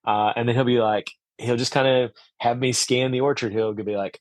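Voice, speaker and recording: A man's voice: mid-range voice, fairly even intonation, moderate pace, hardly any pauses, no echo. A man speaking as a podcast guest, earnest and reflective, with frequent fillers and restarts. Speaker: podcast guest, orchard owner. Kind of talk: conversational interview.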